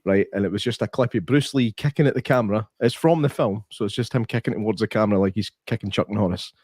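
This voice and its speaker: A man co-hosting a podcast, telling an animated story in casual chat and laughing easily. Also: on the low side, fast, breathy edge, no room sound, studio quality. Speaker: podcast co-host.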